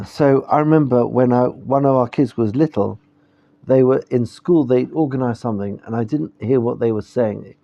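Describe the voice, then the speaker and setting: A man's voice: mid-range voice, expressive, normal speed, gravelly. Man teaching a class, muffled recording. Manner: conversational, checks in with listeners. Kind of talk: classroom lecture.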